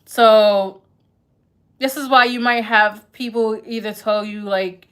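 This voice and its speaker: A woman's voice: a little high, fairly even intonation, takes it slowly, a bit bright, smooth. A woman giving a casual live-stream tarot reading, chatty and full of "like" and "right?", who says her accent is thick. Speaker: tarot reader.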